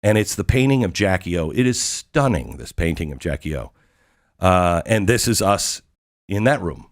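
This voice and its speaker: Man, talk show host, somewhat low voice, excitable, emphatic, rhetorical questions, studio monologue. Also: normal speed. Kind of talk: monologue recounting a visit.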